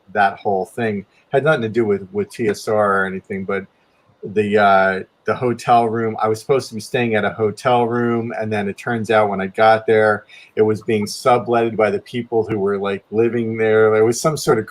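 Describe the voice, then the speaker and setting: A man casually telling a long story with many restarts, his voice jumping up when he quotes himself. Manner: rambling, many restarts, pitch jumps up when quoting himself. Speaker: guest artist telling a story.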